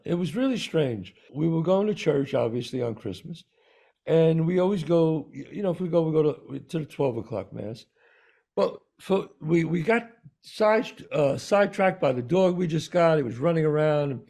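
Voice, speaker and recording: A man's voice: a little high, lively intonation, normal speed, creaky, darkish tone. A man co-hosting a podcast, telling a story in casual chat and repeating words for emphasis. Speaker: podcast co-host.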